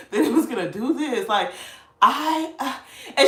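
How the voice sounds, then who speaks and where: A woman in her thirties telling a story in a casual vlog, animated and laughing often while she talks. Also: high voice, normal speed. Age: 30s. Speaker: vlogger. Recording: roomy sound from a distance.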